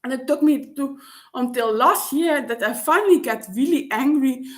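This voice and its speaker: Searching for words and frequently starting over, a woman with a slightly high voice delivers a reflective personal monologue. She is a vlogger who grew up speaking Dutch.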